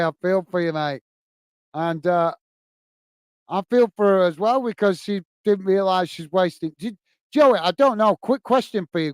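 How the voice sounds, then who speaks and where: A man's voice: high voice, clear, resonant tone, no room sound. A man hosting a live football watch-along from home, commentating on the match and chatting with viewers, laughing often. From England.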